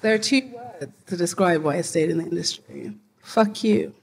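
A woman's voice: fairly low pitch, expressive, a little fast, creaky. A woman at a live panel telling a blunt, candid story, swearing freely.

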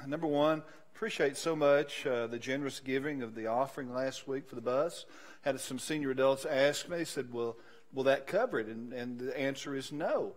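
A man, a pastor giving a sermon, building from quiet announcements to loud, slow, emphatic preaching. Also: mid-range voice.

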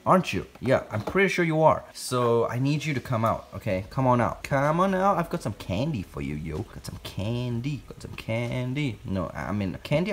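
A man vlogging as he handles a spider, jumpy and excitable, talking to his viewers and coaxing the animal, recorded on a phone at home. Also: mid-range voice. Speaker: tarantula keeper vlogger. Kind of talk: casual vlog narration. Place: room at home. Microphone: phone camera.

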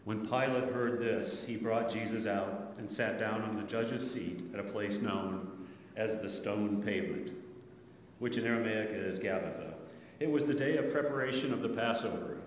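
Man, scripture reader, low voice, steady and measured, very echoey church. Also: slight background noise. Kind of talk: scripture reading. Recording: echoey church with long reverb.

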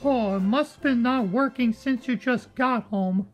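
A woman's voice: a little high, measured pace, soft background music. A woman improvising a rambling skit with stuffed animals, switching between characters and chuckling. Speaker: puppeteer voicing stuffed animals.

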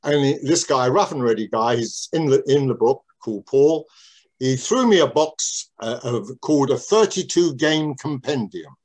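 A man's voice: mid-range voice, expressive, moderate pace, darkish tone. An older man reminiscing in an interview about how he started in business, talking in a rambling, digressive way with many restarts.

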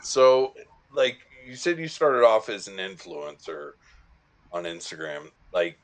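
A man's voice: low voice, takes it slowly. A man hosting a casual interview, asking loose questions full of filler words. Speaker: interviewer, show host.

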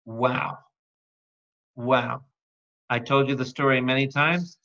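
A bright-voiced man preaching a Bible study in a slow, deliberate pace, quizzing his audience and joking with them. The recording is dull and lo-fi. He keeps a playful, engaging manner throughout. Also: mid-range voice, fairly even intonation. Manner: calls out to the audience with repeated questions; playful, jokes and breaks into song. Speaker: priest teaching a Bible study. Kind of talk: lively Bible study teaching.

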